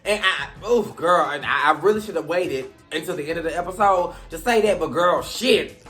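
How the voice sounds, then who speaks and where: A foul-mouthed man recaps reality TV in a dramatic, sassy rant. His voice is bright and cutting, dropping to low asides and jumping to shouts. Faint music sits under it. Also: normal speed. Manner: sassy, profane, dramatic swings from loud outbursts to low mutters.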